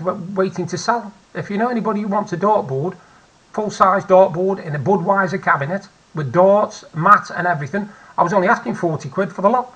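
A man's voice: sits high, sharp tone, husky, low-quality recording. A man in his forties with a British accent, telling a candid personal story at home in a chatty vlog, repeating phrases for emphasis. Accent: British English. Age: 40s. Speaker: vlogger. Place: at home, seated.

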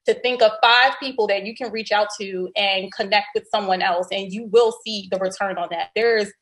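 A woman talks in an upbeat, chatty manner while co-hosting a casual business conversation. Her voice sits at an ordinary middle pitch. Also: fairly even intonation, moderate pace, a bit bright. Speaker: co-host. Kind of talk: casual interview talk.

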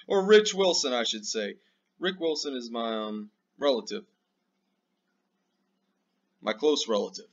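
Slow ranting man, dull lo-fi sound. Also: medium pitch, animated. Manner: ranting, profane, emphatic; slow and drawn out. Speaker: show host. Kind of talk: ranting political commentary. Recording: dull lo-fi recording.

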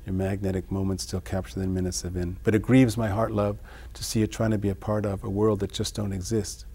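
A man discussing his own song lyrics in an interview, reading lines and then explaining them in a musing, halting way. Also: lowish voice, flat delivery, dark tone, breathy edge. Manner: halting, many restarts. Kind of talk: reflective interview talk.

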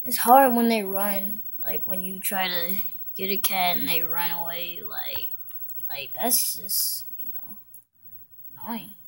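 Woman commentator for a gameplay video, unhurried delivery, giggly and chatty. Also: mid-range voice, very animated, creaky. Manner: giggly, chatty, talks to game animals.

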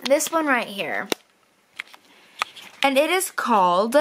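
A woman's voice: on the high side, big pitch swings, slow, pauses often, fairly bright tone, a little hiss or hum. An eighteen-year-old woman vlogging in a casual, rambling, self-deprecating way, full of filler words. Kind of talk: casual vlog chat.

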